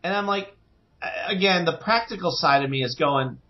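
A man co-hosting a podcast in casual chat, animated and acting out quotes in different voices. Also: high voice, normal speed, muffled recording. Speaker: podcast co-host.

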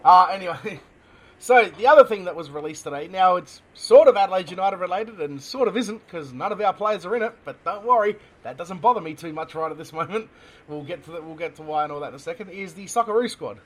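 An Australian man co-hosting a casual sports chat podcast, excitable, laughing often and tripping over names. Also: high-pitched, quick pace. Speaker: podcast co-host.

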